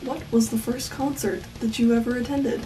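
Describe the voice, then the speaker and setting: An eighteen-year-old woman vlogging casually at home at night, with a deadpan, self-mocking delivery that now and then drops to a whisper. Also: a little high, moderate pace, recorded from a distance, loud music behind the voice, low-quality recording. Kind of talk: casual Q&A vlog.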